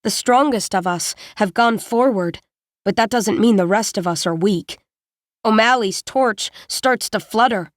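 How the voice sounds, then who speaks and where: A woman reading a first-person audiobook in a steady, measured storytelling manner, close to a studio mic. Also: mid-range voice, no room sound. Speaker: audiobook narrator.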